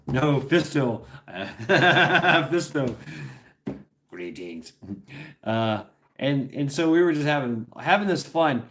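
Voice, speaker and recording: A middle-aged man talking loosely to his livestream audience. His speech wanders from thought to thought, and it is peppered with laughter and profanity. The delivery is casual and unpolished. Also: medium pitch. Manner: rambling, profane, laughs often.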